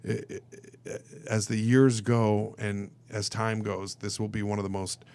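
A man, an actor guest on a radio show, telling stories in a casual, animated way and acting out the voices of the people in them. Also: lowish voice, a little slow. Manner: animated, acts out quoted voices, turns emotional. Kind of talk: casual storytelling in a radio interview.

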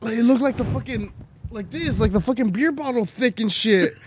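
A man with a high voice chats on a podcast, profane and lively. He tells his stories with plenty of laughter and swearing, loose and unfiltered. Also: moderate pace. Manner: profane, animated storytelling with lots of laughing. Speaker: podcast co-host. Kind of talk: casual chat.

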